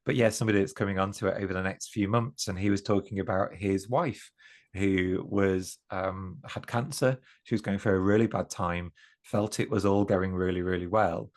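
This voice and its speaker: Guesting on a podcast, a man with a low-pitched, steady voice from the East Midlands of England converses casually at a moderate pace. His manner is earnest and reflective, marked by frequent restarts and self-corrections.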